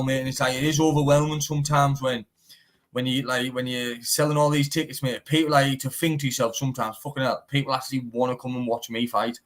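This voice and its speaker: A young man, a bare-knuckle fighter in a casual live-stream interview, talking animatedly, swearing often and saying "mate" all the time. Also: mid-range voice. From Teesside, northeast England.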